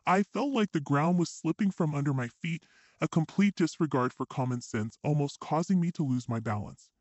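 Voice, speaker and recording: A man's voice: fairly high pitch, normal speed, darkish tone, no echo. Male storyteller, dramatic first-person reading, dry close mic, dull lo-fi sound.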